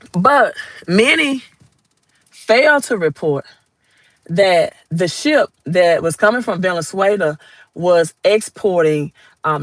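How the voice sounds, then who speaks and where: A man's voice: high-pitched, a bit bright, dry recording, rough recording. A man with a Southern US accent giving casual finance commentary, rambling and often checking in with "right?".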